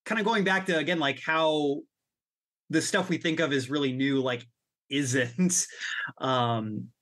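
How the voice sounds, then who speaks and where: A man with a bright, slightly high voice co-hosting a casual book podcast. He talks in an animated way, laughing often and swearing now and then. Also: slow. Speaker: podcast co-host.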